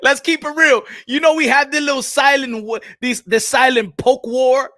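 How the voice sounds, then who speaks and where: A man hosts a boxing talk stream in loose, animated chat. He laughs often and drifts in and out of Spanish. His voice sits high and bright, with a forceful edge. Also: normal speed, no room sound, studio quality. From New York City. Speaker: boxing channel host. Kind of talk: casual live-stream chat.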